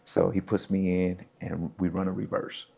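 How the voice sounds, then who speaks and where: This podcast guest, a middle-aged man who played pro football, speaks low and gravelly at a normal speed, with a breathy edge. He's an animated storyteller who voices other people's quotes during a casual interview.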